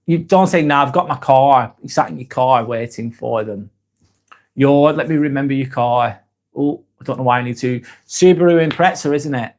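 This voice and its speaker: A man's voice: medium pitch, moderate pace. A man in his forties with a Northern English accent, hosting a live stream and reading out chat comments, joking and rambling with frequent restarts. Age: 40s.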